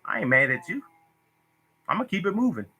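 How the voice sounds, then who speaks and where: A man's voice: a little high, very animated, brisk, sharp tone, slight background noise. A man hosting a casual phone livestream about lottery tips, talking in a preachy, repetitive, emotional way. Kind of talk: casual Facebook live talk.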